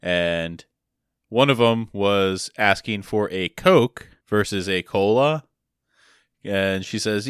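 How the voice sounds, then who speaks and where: Man, podcast co-host, deadpan, low voice, dry recording. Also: measured pace, smooth, no echo. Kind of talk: casual chat.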